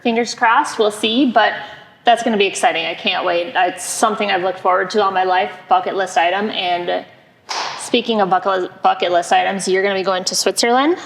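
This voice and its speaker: Female podcast co-host, casual and affirming, mid pitch, roomy reverb. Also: fairly even intonation, gravelly, a little hiss or hum. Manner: quick, affirming interjections. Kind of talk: casual chat. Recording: long reverb.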